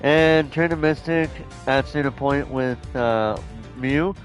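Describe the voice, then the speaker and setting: A man streaming a game speaks slowly in a medium pitch, rambling through casual chat with viewers and often starting over. Faint game music sits in the background, and the audio quality is poor.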